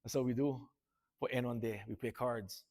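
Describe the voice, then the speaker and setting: A man's voice: medium pitch, fairly even intonation, normal speed, darkish tone. A man telling his life story to students in a plain-spoken, earnest way. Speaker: motivational speaker. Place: school.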